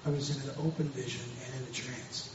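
A man's voice: medium pitch, level tone, a little fast. A man speaking as a pastor, giving an earnest, emphatic personal testimony, often repeating himself and restarting. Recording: very echoey distant room, dull and noisy.

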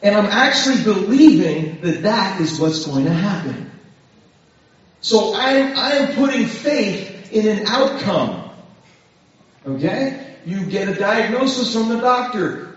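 Male preacher, high and animated voice, casual and conversational sermon, often turns to his listeners with "right?". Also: unhurried. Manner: conversational, asks the listeners frequent "right?" questions. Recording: echoey room from far off, dull lo-fi.

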